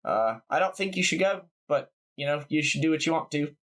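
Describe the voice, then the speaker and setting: A woman's voice: deep voice, animated, a little fast. A man voicing a blunt, casual woman contact in a put-on New Zealand accent.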